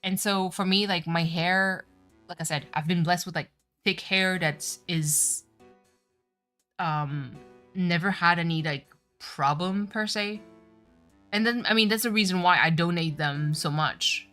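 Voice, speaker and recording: A woman's voice: on the low side, measured pace, sharp tone, faint music behind. A woman streamer chatting casually and rambling, with lots of fillers. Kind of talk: casual chat on a game stream.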